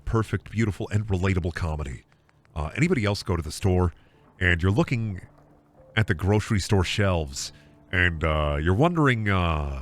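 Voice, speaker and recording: A man streaming a video game and riffing in a mock stand-up style, swinging from muttered asides to shouted rants. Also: deep voice. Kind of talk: comedic gaming stream banter.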